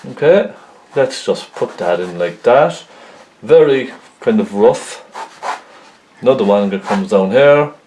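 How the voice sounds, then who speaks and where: A man's voice: medium pitch, lively intonation, slow, long pauses, a little mellow, a little hiss or hum. A man talking through a painting tutorial in a friendly, rambling way, full of ums and "isn't it?" tags. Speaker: painting teacher. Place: painting studio, indoors. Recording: echoey studio room.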